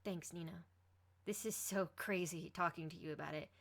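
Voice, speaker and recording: A woman voicing a flustered, secretive teenage girl superhero, hushed and nervous. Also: on the low side, fairly even intonation, normal speed.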